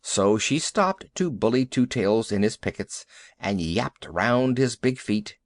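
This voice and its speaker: Expressive male audiobook narrator. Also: fairly low pitch, a little slow, no room sound. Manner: expressive, lively storytelling. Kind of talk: storybook narration.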